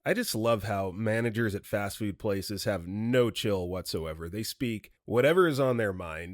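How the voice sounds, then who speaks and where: A man's voice: on the low side, dry recording, clean studio sound. A man reading online stories aloud with casual commentary, expressively acting out the quotes. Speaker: story reader and narrator.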